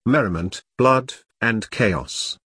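A man voicing a hulking, pompous male cult leader who booms theatrically and speaks with contempt. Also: expressive, slow pace, fairly bright tone, slightly rough, dry recording, clean studio sound, full character voice. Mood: booming.

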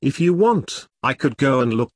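Man reading laid back posh sergeant, polite and vague, lively pitch. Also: husky, no room sound. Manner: polite, unhurried, mildly evasive. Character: languid, vague, gentlemanly male sergeant.

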